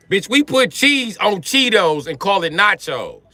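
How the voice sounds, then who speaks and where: A man's voice: high voice, very animated, a little slow, sharp tone, no room sound, faint music behind. A man from Wisconsin ranting profanely and mockingly on a livestream. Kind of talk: profane comedic rant on a livestream.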